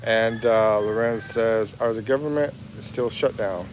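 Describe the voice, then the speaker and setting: A man's voice: lowish voice, measured pace, background noise. A man on a casual live walking vlog, chatting, reading viewer comments aloud and laughing often. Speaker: livestream vlogger. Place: outdoors in a town.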